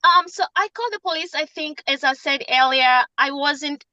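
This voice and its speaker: An emotional woman, a mother testifying in court over a phone video call from a parked car, pleading and halting with repeated words. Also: high voice, bright, forceful tone, no echo, highs cut off.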